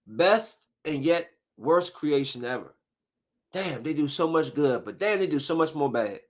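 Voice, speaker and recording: A man's voice: on the high side, lively intonation, measured pace. A male podcast host in a casual, profane rant, full of sudden outbursts as he reviews shows.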